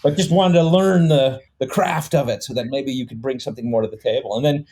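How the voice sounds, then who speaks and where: Relaxed man explaining with lots of fillers. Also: medium pitch, fairly quick. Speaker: comedy filmmaker. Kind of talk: casual podcast conversation.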